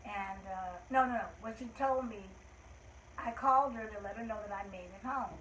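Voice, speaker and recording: An older woman hosting a children's show, gently and heartfeltly telling a story and leading rhymes. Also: mid-range voice, normal speed, slight background noise. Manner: gentle, heartfelt, trailing off softly. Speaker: host. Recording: roomy echo.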